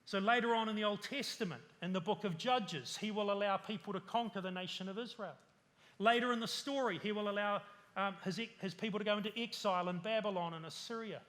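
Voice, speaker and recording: A man's voice: sits high, bright, forceful tone, in a large hall. A male pastor preaching a sermon, earnest, piling up lists and asking rhetorical questions.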